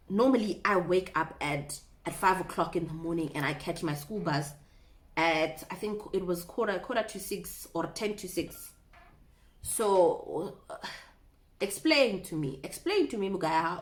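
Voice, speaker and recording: A young woman tells a story to her viewers in a lively, swooping voice. She talks dramatically and keeps addressing her audience. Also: fairly low pitch. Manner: animated, dramatic, mixes in Setswana phrases. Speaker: vlogger. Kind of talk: casual storytime.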